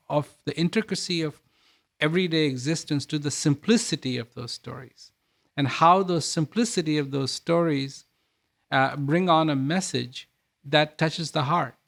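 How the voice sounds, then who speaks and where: A male author answering interview questions with gentle, reflective stories, often repeating and restarting words. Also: fairly high pitch, vocal fry. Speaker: author and speaker.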